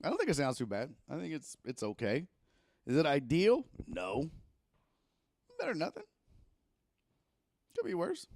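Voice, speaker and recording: Profane, animated sports host. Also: male voice, on the high side, moderate pace, vocal fry, long pauses, dry recording. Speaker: sports talk show host. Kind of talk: casual sports talk livestream. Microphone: microphone plugged into a camera.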